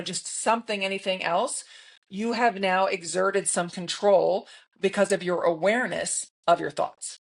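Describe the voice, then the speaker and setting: A woman in her fifties, a broadcaster guest on a podcast, telling stories in a lively, emphatic way and often checking in with "right?". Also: mid-range voice. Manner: lively storyteller, emphatic, frequent "right?" tags. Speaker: guest, broadcaster and keynote speaker. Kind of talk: conversational podcast interview.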